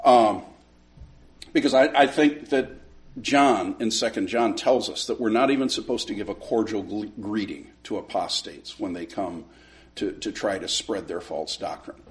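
A middle-aged man teaching a Sunday school lesson, telling a story with lively acted dialogue and frequent repeated words. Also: fairly low pitch, normal speed. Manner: animated storyteller, acts out both sides of a conversation, repeats words when starting.

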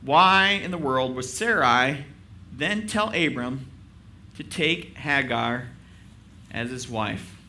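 A man's voice: mid-range voice, lively intonation, takes it slowly, pushed and bright, a little hiss or hum. A male pastor preaching a sermon in a casual, conversational way. He makes self-deprecating jokes and keeps asking his listeners rhetorical questions.

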